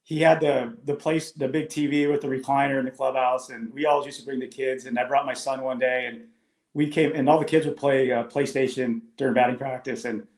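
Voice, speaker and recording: A man's voice: medium pitch, level tone, brisk, darkish tone. A man in his fifties, a former ballplayer, telling rambling, anecdotal stories as a podcast guest. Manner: rambling, anecdotal, with many restarts. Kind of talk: casual storytelling chat. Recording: echoey room.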